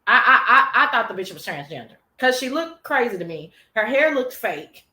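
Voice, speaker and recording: A woman's voice: a little high, moderate pace, echoey room. A woman hosting a casual livestream chat show, sassy and profane, talking straight to her viewers. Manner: sassy, profane, animated, chatty. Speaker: talk show host.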